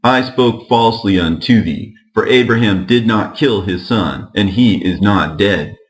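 A man's voice: lowish voice, measured pace, lightly acted. A man voicing Satan disguised as a humble, meek old man, speaking in archaic words. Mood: sly. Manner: meek and sly, archaic speech.

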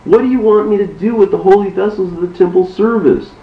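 A man voicing a grieving old prophet, earnest and pleading, his pitch rising, in a roomy, distant recording. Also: fast, highs cut off.

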